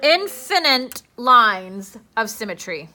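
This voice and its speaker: A young woman teaching a class, her voice bright and a little high. She is playful and chatty and keeps quizzing her students. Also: sing-song, slow. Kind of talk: live classroom lesson.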